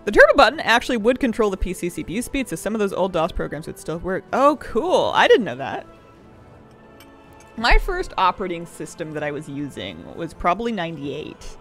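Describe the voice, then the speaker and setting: Young woman, streamer, casual chat, rambling stories, animated voice, soft music behind. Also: lowish voice, fairly quick. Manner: chatty, rambling storytelling with laughs.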